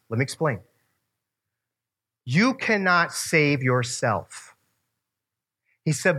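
Male youth pastor, bright and slightly high voice, casual animated preaching. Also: slow, pauses often, husky. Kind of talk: sermon.

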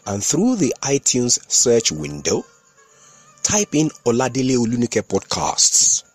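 A man's voice: on the low side, slightly rough. A man hosting a podcast, narrating a story in an instructive, storytelling manner. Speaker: podcast host and communication consultant.

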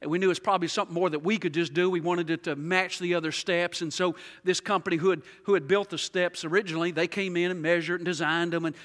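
High-voiced preaching man in a hall. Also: fairly even intonation, quick pace, few pauses. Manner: preaching with rising shouts and quiet hushed passages. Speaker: pastor. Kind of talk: sermon. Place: large church sanctuary. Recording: reverberant hall.

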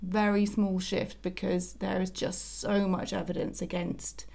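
A woman co-hosting a podcast, talking in a brisk, informal way. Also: mid-range voice, level tone, gravelly, a little mellow. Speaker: podcast co-host. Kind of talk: casual chat.

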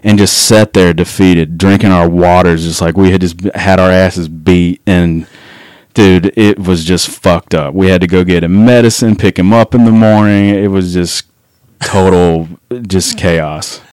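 A man with a low voice tells a rowdy, profanity-laced story in a relaxed chat. His delivery is loose and full of laughter. The sound is close and dry, with no room around it. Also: unhurried, clear, resonant tone, no echo. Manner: profane, laughing anecdote-telling. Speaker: guest. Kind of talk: casual storytelling.

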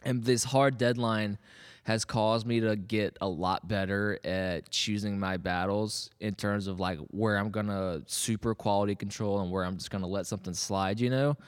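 In a large hall, a thirtysomething man co-hosting a podcast talks at a moderate pace in a fairly low, clean voice with fairly even intonation. The conversation is loose and rambling, full of self-interruptions and frequent laughter.

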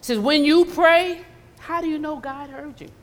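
A woman's voice: high voice, normal speed. A woman preaching a conversational sermon in a church, slipping into acted asides. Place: church sanctuary. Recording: long hall reverb.

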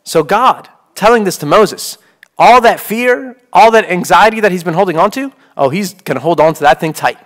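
This thirtysomething priest's sermon feels like a conversation, loaded with "like" and "okay?". He speaks in a high-sitting, expressive voice at a moderate pace.

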